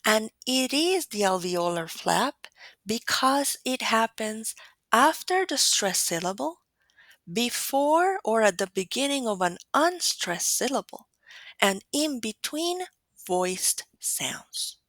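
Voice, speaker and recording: A woman whose first language is Spanish, giving a recorded phonetics lecture in a slow, deliberate way and demonstrating sounds. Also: a little high, sing-song, fairly bright tone, dry recording. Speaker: teacher.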